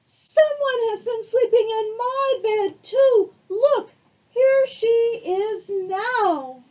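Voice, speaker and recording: A woman voicing a small, upset baby bear cub who cries out in a high, wailing voice in a storybook reading. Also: drawn-out words, darkish tone, far from the mic, exaggerated voice. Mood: tearful.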